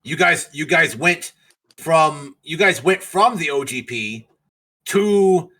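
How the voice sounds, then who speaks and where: A man serving as game master on a tabletop game stream. He talks in an easygoing, rambling way, full of little fillers. His voice is bright and forward, with a slightly husky, breathy edge. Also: fairly high pitch, lively intonation, slow, low-quality recording. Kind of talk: casual chat closing a tabletop game stream.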